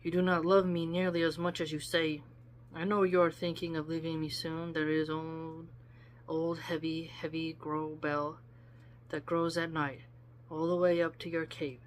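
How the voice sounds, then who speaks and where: A reader voicing Life as a teasing woman in a plain, gentle reading, over a faint hum. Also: mid-range voice, flat delivery, moderate pace, natural voice. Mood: coaxing. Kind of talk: read-aloud quotation.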